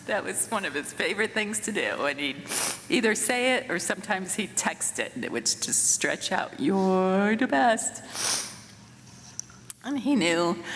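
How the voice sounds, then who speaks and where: A woman in her sixties giving a eulogy for her son in a church, speaking in a tender, halting way with soft rueful laughs. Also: medium pitch, a little hiss or hum. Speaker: mother of the deceased giving a eulogy. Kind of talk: memorial eulogy. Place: church sanctuary. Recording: reverberant church with faint room ambience.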